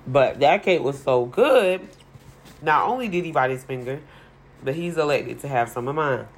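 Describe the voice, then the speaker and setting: A woman's voice: extremely low pitch, lively intonation, moderate pace, a little hiss or hum. A woman hosting a podcast in a casual, chatty and playful way, often laughing as she talks. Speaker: podcast host. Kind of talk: casual chat.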